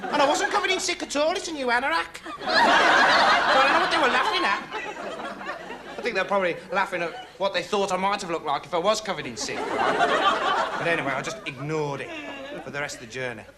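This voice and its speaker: A rambling dim young investigator. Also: male voice, very high voice. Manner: meandering, deadpan, full of filler words. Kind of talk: comic monologue to camera. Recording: TV studio audience laughter, noisy.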